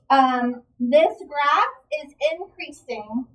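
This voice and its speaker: A woman's voice: sits high, unhurried, distant mic, rough recording. A woman teaching a math lesson, asking the class questions and encouraging the students' answers. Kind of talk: classroom lecture.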